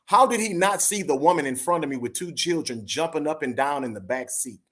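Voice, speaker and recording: A man's voice: a little high, animated, a little fast, a bit bright, husky. A man in his forties telling a personal story in casual chat, talking earnestly and directly to his listeners. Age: 40s. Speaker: podcast co-host.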